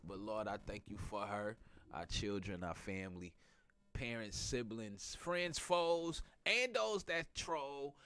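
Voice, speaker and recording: A man's voice: fairly low pitch, animated, takes it slowly, bright, forceful tone, smooth. A middle-aged man with a stuffy nose from a cold, hosting a casual morning talk show in a playful, teasing way. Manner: playful, teasing, laughs a lot. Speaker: podcast host.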